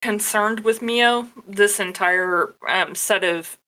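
A woman's voice: mid-range voice, slow pace, sharp tone. A young woman co-hosting a casual chat, emphatic and swearing casually. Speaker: podcast co-host.

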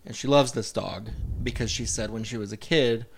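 A male podcast host in casual chat, retelling a horror film's plot in an animated way, full of "like" fillers. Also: fairly low pitch, normal speed, gravelly, a little hiss or hum.

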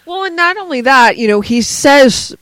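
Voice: high-pitched, animated, moderate pace, fairly bright tone, no room sound. A co-host in a casual film chat who jumps in with short agreements and thoughtful points.

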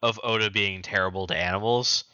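Bright-voiced man recapping, dry lo-fi sound. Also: lowish voice, fairly even intonation, clean tone, no echo. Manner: quick retelling with acted-out quotes. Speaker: podcast co-host. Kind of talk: casual recap chat.

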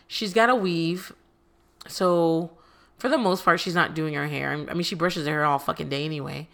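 A woman's voice: fairly low pitch, fairly bright tone. A woman recapping a reality dating show in casual commentary, sarcastic and profane, with exasperated asides.

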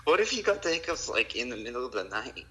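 A man's voice: mid-range voice, big pitch swings, quick pace, breathy edge, low-quality recording. A man in a casual chat who giggles and teases, counting aloud as he talks. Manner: giggly, teasing, counts out loud.

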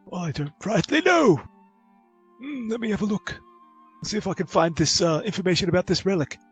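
A man's voice: sits high, lively intonation, fairly quick, breathy edge, soft background music, pitched above the performer's own voice, exaggerated voice. A man voicing a fussy elderly male professor who talks in a bewildered, quavering way. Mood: musing.

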